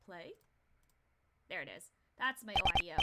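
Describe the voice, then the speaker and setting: A woman's voice: fairly low pitch, expressive, measured pace, very noisy. A young woman streamer chatting casually through gameplay, rambling, swearing freely and laughing often.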